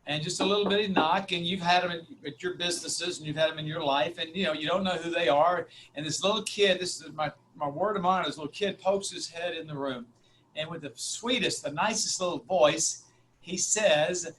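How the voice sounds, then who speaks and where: High-pitched man, college instructor, tells stories with lively acted-out quotes, faint noise behind. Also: fairly quick. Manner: animated, acts out dialogue in a raised voice. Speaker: university instructor, guest speaker. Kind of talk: storytelling talk.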